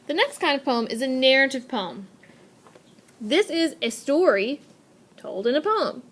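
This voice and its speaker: A young adult woman narrates a classroom lesson recorded on a tablet. Her voice sits a little high for a woman. She explains in an upbeat, clear teacherly way and leans on repetition to drive key points home. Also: sing-song, unhurried, a bit bright. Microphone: tablet microphone.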